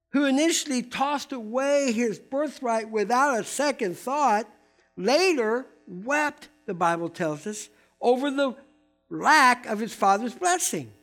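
An older man preaching a sermon, emphatic and repeating key words, swinging between loud stresses and hushed asides. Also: very high voice. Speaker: pastor.

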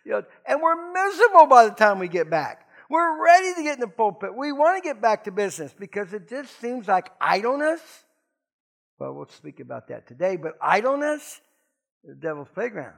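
A middle-aged man preaching a conversational sermon in a folksy, joking way with animated asides. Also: high-pitched, moderate pace, gravelly. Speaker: pastor.

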